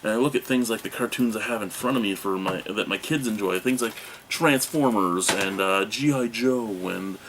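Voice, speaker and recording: A man's voice: on the low side, normal speed, noisy background. A man in his thirties hosting a beer review from a home room, rambling in a jokey, self-mocking way. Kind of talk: casual video review. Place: home room with cartoon toys behind him.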